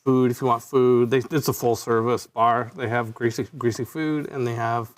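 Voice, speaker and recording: A man narrating as game master of a live tabletop game, talking haltingly with many fillers and restarts. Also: mid-range voice, steady tone.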